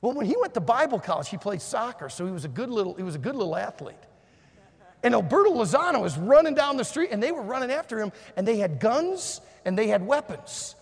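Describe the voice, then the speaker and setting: High-voiced preacher in an echoing hall. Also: male voice, big pitch swings, fast talker, vocal fry, husky. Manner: storytelling, swinging between hushed and shouted. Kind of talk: sermon. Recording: long hall reverb.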